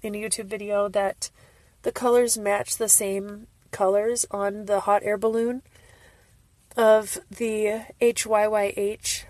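A woman's voice: medium pitch, little pitch movement, slow pace, a little mellow, dry recording. A woman fan vlogger talking casually to viewers, emotional, gushing, and often laughing through tears. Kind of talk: casual fan vlog reaction.

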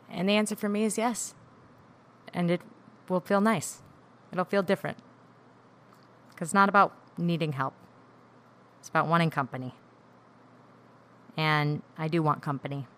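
A woman's voice: low-pitched, sharp tone. A woman hosting a solo podcast episode, talking candidly and introspectively as she works through her feelings aloud. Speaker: podcast host.

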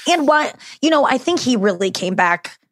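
A woman's voice: on the high side, very animated, normal speed, no room sound, studio quality. A woman in casual podcast chat, telling candid, rambling stories with lots of "like" and some swearing. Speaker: guest, show host.

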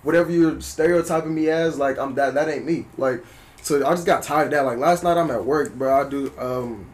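A man's voice: fairly high pitch, a little fast. A man in his twenties from South Berkeley, talking casually as a podcast co-host, with loose slang and lots of "like" fillers. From South Berkeley, California. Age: 20s. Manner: relaxed slang-heavy, many "like" fillers. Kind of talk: casual chat.

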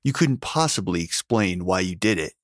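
A man reading a story, voicing a loyal young man who pleads in urgent, hushed tones. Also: low voice, animated, normal speed, dry recording, studio quality. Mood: pleading, urgent.

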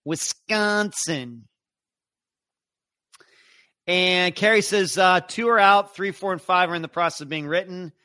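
A man's voice: high-pitched, steady tone, a little fast, hardly any pauses, bright, forceful tone, no echo. A man hosting a live true crime show, chatting casually and greeting viewers one by one. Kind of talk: casual livestream chat.

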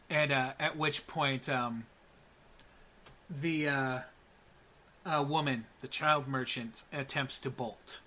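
A man narrating as game master in a relaxed, hesitant way with many fillers. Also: medium pitch, slow pace, long pauses.

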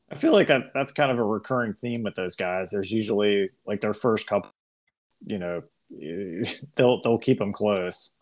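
A man's voice: lowish voice, takes it slowly. A young man in casual chat, easygoing, laughing along and asking questions.

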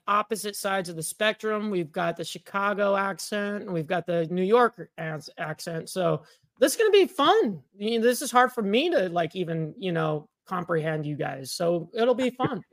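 Chatty West Coast radio co-host, dry close sound. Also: male voice, high-pitched, fairly bright tone, no echo. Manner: laid-back, chatty. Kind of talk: casual radio banter.

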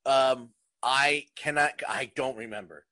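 A man co-hosting a wrestling podcast, talking as an eager fan in quick bursts. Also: medium pitch, bright, forceful tone, no room sound. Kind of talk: casual chat.

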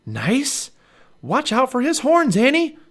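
A cautious, bookish young boy in a storybook read-aloud, played by a man, pitched a bit high and swinging with animated urgency. He bosses and warns in a worried rush. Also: normal speed. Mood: urgent. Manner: urgent and bossy.

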